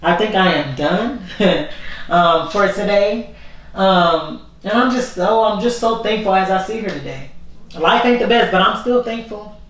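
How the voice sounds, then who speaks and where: A woman's voice: medium pitch, measured pace. A woman vlogger talking casually and candidly, rambling and repeating herself as she speaks from the heart. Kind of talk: casual heartfelt vlog talk. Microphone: voice only, camera not working. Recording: very echoey room, far from the mic.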